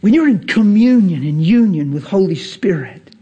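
A man preaching a sermon to a church crowd. He moves from hushed whispers to excited, nearly shouted lines and acts out people's voices in his stories. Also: moderate pace, dull audio. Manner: swings between hushed whispers and high excited near-shouting.

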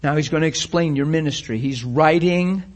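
A man's voice: fairly high pitch, moderate pace. A man preaching a sermon with passion, firing rhetorical questions and acting out the scenes he describes.

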